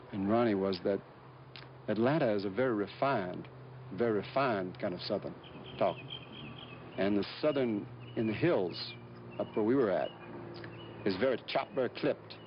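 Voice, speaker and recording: A man being interviewed as an actor, telling stories in a relaxed, rambling way with lots of fillers and restarts. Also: on the low side, measured pace. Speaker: actor guest. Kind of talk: casual anecdotal interview talk. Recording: dull lo-fi recording with faint hiss.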